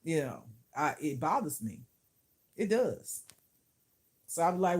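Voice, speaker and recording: A woman's voice: sits low, animated, unhurried, a little mellow. A woman who teaches spirituality, talking to camera in a casual vlog, blunt and profane, often laughing.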